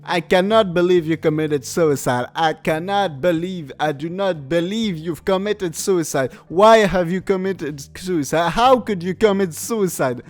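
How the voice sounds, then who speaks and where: A man imitating a stiff male movie character who keeps repeating his disbelief in flat, wooden lines. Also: sits high, a little slow, few pauses. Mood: bewildered. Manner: stilted, repetitive line delivery. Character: earnest male film auteur mourning a suicide.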